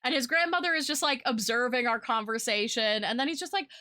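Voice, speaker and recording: Young woman streamer yapping casually, bright slightly high voice, lots of ums and giggles. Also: fairly quick, no room sound, clean studio sound. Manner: chatty, rambling, many fillers, giggly. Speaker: streamer and artist. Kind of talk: casual chat.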